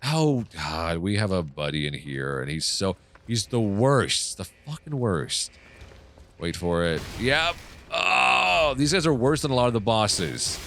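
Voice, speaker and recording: A deep-voiced man hosts a casual let's-play, cursing freely and yelping at the game. His pitch jumps around a lot. A faint background hum sits under the voice. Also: very animated, unhurried, gravelly. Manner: swears often, reacts loudly to the game. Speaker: gaming channel host.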